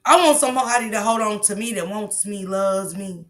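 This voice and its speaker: Blunt, bright-voiced woman streamer. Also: mid-range voice, a little fast. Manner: blunt, preachy, swears freely. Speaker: livestream host. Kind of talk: casual commentary on viral clips.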